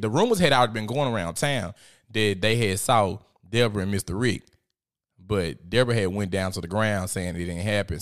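A man giving casual, profane, gossipy commentary as host, often laughing. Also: lowish voice.

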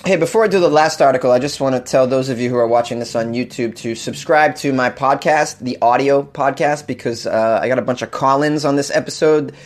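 A young man hosts a casual comedy news podcast from his hot apartment, rambling, amused with himself and laughing often at his own jokes. He speaks in a mid-range voice, fairly quickly, with few pauses.

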